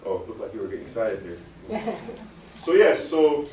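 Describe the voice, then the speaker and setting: With a lowish, dark-toned voice and very animated delivery at a moderate pace, a male guest speaker leads a library audience through a call-and-response spelling drill. It's a live, interactive lesson in a lecture room, recorded roomy and from a distance with faint room hum.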